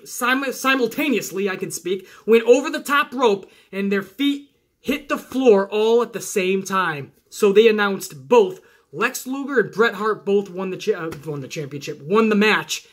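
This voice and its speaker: A man hosting a casual wrestling podcast, animated and chatty, swearing and talking straight to his listeners. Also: sits high. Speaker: podcast host.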